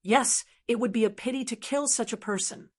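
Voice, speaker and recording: A woman's voice: fairly high pitch, moderate pace, slightly rough. A woman voicing a reserved, humble young male martial artist. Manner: humble, understated.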